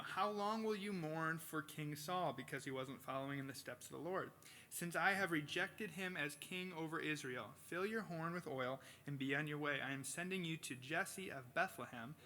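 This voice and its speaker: A male pastor giving a casual sermon, reading scripture and telling stories with animated impressions. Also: fairly high pitch, slight background noise. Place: church sanctuary.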